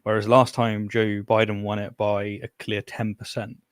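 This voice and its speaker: A man's voice: lowish voice, level tone, moderate pace, dry recording. Joking man in a dry, close setting. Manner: self-deprecating, joking. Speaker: livestream panelist. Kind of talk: casual livestream panel chat.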